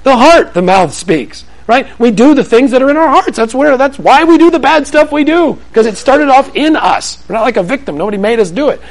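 Middle-aged male pastor, animated preacher who acts out dialogues, lively pitch. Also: brisk, hardly any pauses, low-quality recording. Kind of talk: sermon.

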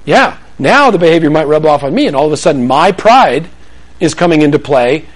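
Man, high voice, lively teaching preacher, conversational. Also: fairly quick. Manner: animated, conversational, acts out scenes. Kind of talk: sermon-style teaching to a live audience.

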